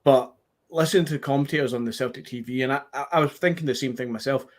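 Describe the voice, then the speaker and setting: A man's voice: medium pitch, fast. A man with a Scottish accent, earnestly making his case about a match in casual podcast chat. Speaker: podcast co-host.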